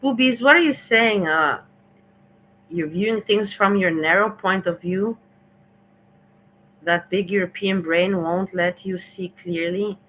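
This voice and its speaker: A woman hosting her own livestream, venting in an indignant, scolding rant that keeps circling back to the same points. Her voice has a bright, forceful edge, with a faint hiss in the background. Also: mid-range voice, unhurried, long pauses, poor audio. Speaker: livestream host. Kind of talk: ranting livestream commentary.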